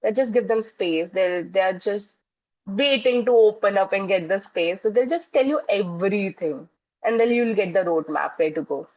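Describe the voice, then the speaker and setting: A woman's voice: mid-range voice, moderate pace, darkish tone. A woman psychologist and educator answering interview questions earnestly, explaining through classroom stories. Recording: dull lo-fi audio.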